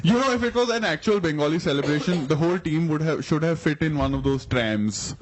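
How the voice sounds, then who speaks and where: Young guy, kinda high voice, sweary sarcastic podcast host rambling. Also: expressive, brisk, a little hiss or hum. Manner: sarcastic, profane, jokey rants. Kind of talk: casual comedic chat.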